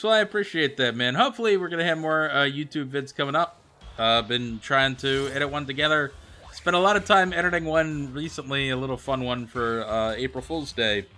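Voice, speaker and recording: A young man streaming a game, reading out viewer comments and answering them in a chatty, animated way. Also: mid-range voice. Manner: chatty, animated, answers chat with quick excited reactions. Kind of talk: casual livestream chat reading viewer comments. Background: faint background music.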